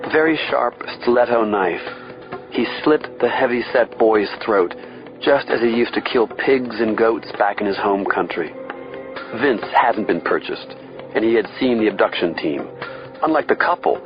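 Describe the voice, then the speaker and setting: A man's voice: fairly low pitch, highs cut off. A man giving a dramatic, tense scripted thriller narration. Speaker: audiobook narrator.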